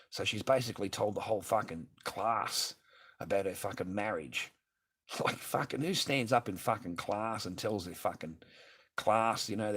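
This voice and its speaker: A man, ranting profanely and repetitively in a livestream monologue from his garage. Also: lowish voice.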